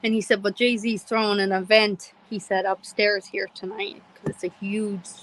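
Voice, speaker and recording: A middle-aged woman from Pennsylvania, hosting a podcast and telling a story in a casual, animated way, quoting herself and others and laughing often. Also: medium pitch, normal speed, a little hiss or hum, rough recording. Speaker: podcast host.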